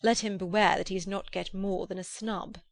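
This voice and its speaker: A woman's voice: medium pitch, steady tone, moderate pace, vocal fry, dry recording, natural voice. Stern, clipped male chaplain for an audiobook, frigid and self-righteous, in a dry, close sound, as read by a woman. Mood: indignant. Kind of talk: audiobook character reading.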